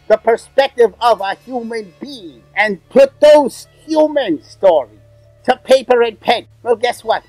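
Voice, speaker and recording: A man's voice: extremely high pitch, dry recording, rough recording. A man voicing a sneering, cackling male demon villain in an in-character comedic rant. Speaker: comedy ranter.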